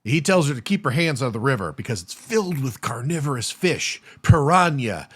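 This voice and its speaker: Man recapping a film, wry and lively. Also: medium pitch, fairly quick, few pauses, slightly rough. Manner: recaps plot with wry asides. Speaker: podcast co-host. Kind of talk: casual movie recap chat.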